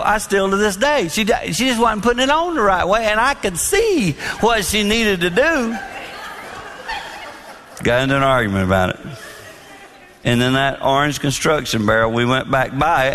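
A man preaching a sermon on marriage, telling personal stories in a lively, confessional way. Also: high-pitched, moderate pace. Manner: animated storytelling, confessional. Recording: long reverb in a large hall.

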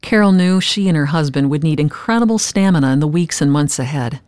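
A woman narrating a documentary from a script, with a measured, earnest delivery. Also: deep voice, animated, a little mellow, smooth, no room sound, studio quality.

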